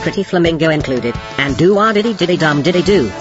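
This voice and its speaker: A man's voice: on the high side, animated, brisk, dull audio, over music. Campy mock-enthusiastic male announcer. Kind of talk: comedic announcer bit.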